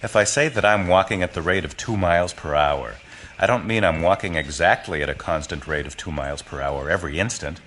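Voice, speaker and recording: A man's voice: sits low, fairly quick, a little hiss or hum. A man narrating an audiobook in the first person, telling the story expressively. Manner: expressive storytelling that voices the boys.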